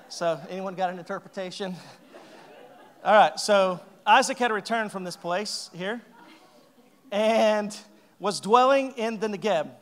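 High-voiced pastor preaching animatedly. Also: male voice. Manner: animated storytelling, acting out characters' lines; joking asides with laughs. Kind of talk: sermon.

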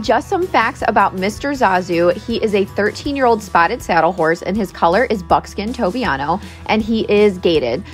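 A woman vlogging at a horse farm, explaining step by step in a friendly, casual way and checking in with her viewers as she goes. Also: medium pitch. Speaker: horse owner and rider. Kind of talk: casual instructional vlog.

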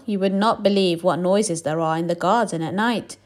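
A woman reading a children's picture book aloud, expressive and playful, with sound effects for the noises in the story. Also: on the low side, moderate pace, hardly any pauses.

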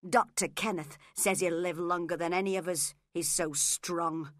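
A woman voicing a bitter, brooding young man who mutters low in a storybook reading. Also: steady tone, moderate pace, a bit bright, dry recording, clean studio sound, close to an everyday voice.

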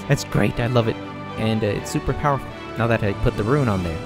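A man's voice: mid-range voice, fast talker, music in the background. A young man casually commenting on a video game he plays, reading dialogue choices aloud and laughing often. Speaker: let's play host.

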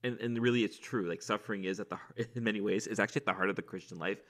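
A man's voice: lowish voice, rapid-fire, a bit bright. A man, a priest, speaking reflectively and earnestly in a podcast chat, often restarting his sentences. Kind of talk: casual chat.

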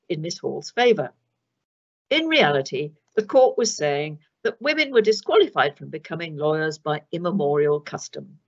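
Older woman, low husky voice, lively intonation, dry and precise lecturer, dull lo-fi sound. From England. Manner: measured, precise, with dry wit. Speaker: retired senior judge giving a lecture. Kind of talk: formal lecture. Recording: dull lo-fi recording.

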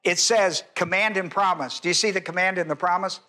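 A man's voice: sits high, fairly even intonation, a little fast, sharp tone. An older man, a pastor, teaching a Bible sermon in an emphatic, repetitive way and putting questions to his congregation.

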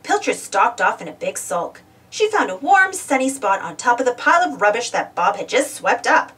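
A woman reads a children's storybook aloud with a high, very animated voice. She sounds a little distant, as if set back from the microphone. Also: normal speed. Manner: expressive, animated.

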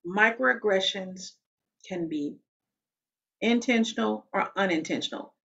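A woman talks straight to her viewers in an unhurried, deliberate way, leaning on key words and repeating them for weight. Her voice sits at an ordinary middle pitch, and the recording sounds a little dull and lo-fi. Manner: measured and emphatic, repeats key phrases, addresses the viewer directly. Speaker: channel host. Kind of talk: explanatory talk to camera.

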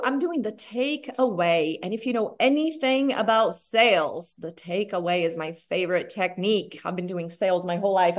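A woman giving a chatty sales training talk on a video call, acting out conversations in brighter voices. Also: medium pitch. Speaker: network marketing trainer.

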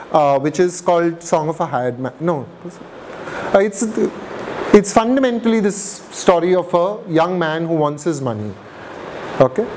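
A man's voice: sits high, background noise. A man giving an informal university talk on translation, chatty and wry, with self-mocking asides. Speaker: guest speaker on translation. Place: lecture event.

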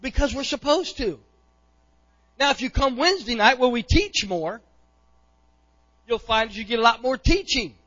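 A middle-aged male pastor preaching a sermon, impassioned, often pushing to near-shouts and repeating words as he goes. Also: very high-pitched, expressive, moderate pace, long pauses, highs cut off.

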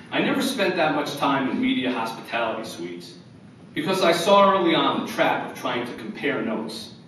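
A man's voice: mid-range voice, a little hiss or hum. A man in his fifties giving an earnest award acceptance speech with wry humor. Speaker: award recipient. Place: large hotel ballroom. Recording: echoey ballroom from far off.

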